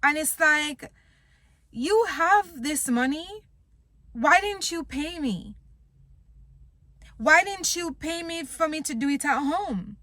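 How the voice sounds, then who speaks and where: Frustrated and blunt, a young vlogger swears heavily while venting to camera about quitting her job. She speaks high and expressively but slowly, pausing often, her voice pushed and bright. The recording is dry.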